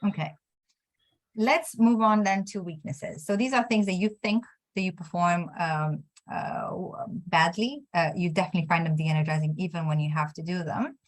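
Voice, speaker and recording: A woman leads a career coaching session. Her voice sits a little low, and she speaks encouragingly while searching for words, with plenty of fillers and restarts. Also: normal speed. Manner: encouraging, hesitant, many restarts.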